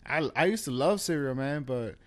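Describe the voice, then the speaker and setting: A man's voice: mid-range voice, expressive, normal speed. A man in casual podcast chat, telling laid-back stories full of slang and swearing.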